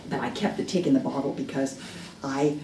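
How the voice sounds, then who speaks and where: A low, mellow-voiced woman gives a candid, self-deprecating dharma talk, stopping and restarting as she tells her story. She is recorded from some distance in an echoey hall with a faint room hum. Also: steady tone, fairly quick.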